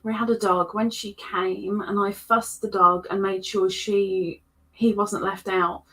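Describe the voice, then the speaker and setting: A woman's voice: mid-range voice, little pitch movement, a little slow, a bit bright. A woman hosting a casual crochet livestream, chatting playfully with viewers and with her pets.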